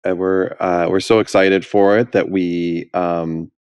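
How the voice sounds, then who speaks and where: A man with a very deep voice co-hosts a business podcast. He talks earnestly about his company, with pauses and restarts. The sound is dry and close. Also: level tone, a little mellow, clean tone, no room sound, lo-fi sound. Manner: earnest, many fillers and restarts. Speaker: podcast co-host, company leader. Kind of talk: casual podcast chat.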